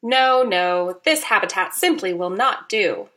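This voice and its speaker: A woman's voice: medium pitch, lively intonation, unhurried, a bit bright, pitched below the performer's own voice. A woman voicing an adventurous female trout who frets and exclaims about her water in a storybook reading. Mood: disgusted. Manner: fretful, exclaiming, picky.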